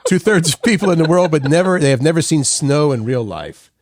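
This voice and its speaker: A man's voice: on the high side, expressive, brisk, no room sound, clean studio sound. A man co-hosting a morning show, bantering casually and reading out fun facts with playful jokes. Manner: joking, reads facts aloud with playful asides.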